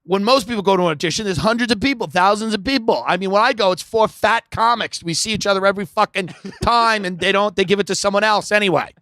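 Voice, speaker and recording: Male podcast host, high gravelly voice, bright sharp tone, mocking comic riffs. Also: fast, hardly any pauses, no echo. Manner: mocking, loud impressions of others. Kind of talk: comedic podcast banter.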